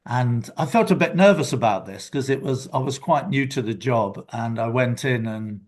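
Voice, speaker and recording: Speaking at a normal speed with an expressive, medium-pitched voice, an older interview guest shares thoughtful stories from his career in a casual conversation.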